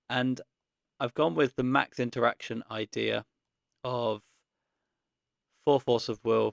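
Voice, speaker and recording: A man giving casual gameplay commentary, thinking aloud in a relaxed way with frequent pauses and ums. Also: medium pitch, gravelly, no room sound, clean studio sound. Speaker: card game content creator.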